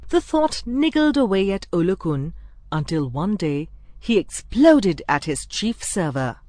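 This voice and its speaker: A woman narrating a folk tale in a clear, measured storybook reading. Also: medium pitch, big pitch swings, warm tone, no echo, studio quality. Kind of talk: scripted narration.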